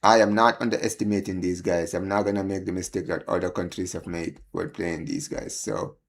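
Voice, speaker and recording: Excitable man hosting a football watchalong. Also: low-pitched, a little fast. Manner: excitable, pleading, exasperated fan rants; chatty, addresses viewers as guys and bro. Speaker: livestream host. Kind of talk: live football watchalong commentary.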